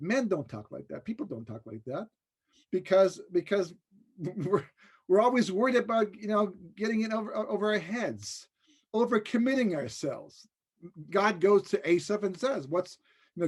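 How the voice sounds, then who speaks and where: A rabbi giving a conversational, joking Torah class in a webinar, often checking in with the listeners. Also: male voice, sits high, expressive, moderate pace, darkish tone, breathy edge. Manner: conversational and joking, with frequent rhetorical "right?". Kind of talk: casual Torah lecture over a webinar.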